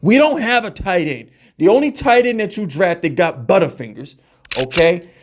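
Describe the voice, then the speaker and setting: A man's voice: high-pitched, animated, moderate pace, background noise. Fired-up profane man ranting. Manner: heated, profane, stammering repeats. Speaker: podcast host. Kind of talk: ranting fan commentary.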